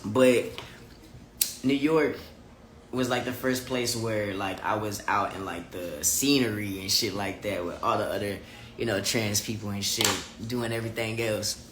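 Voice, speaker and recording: A man's voice: on the low side, fairly even intonation, measured pace, fairly bright tone, echoey room, a little hiss or hum. A man livestreaming casual chat to his viewers and reading their comments, candid, profane and emphatic. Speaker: vlogger talking live to viewers.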